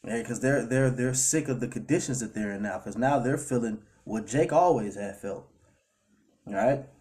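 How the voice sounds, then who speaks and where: This casual sermon over clips comes from a man with a mid-range, slightly mellow voice at a moderate pace. He reads scripture aloud and keeps slipping in "all right" and "man."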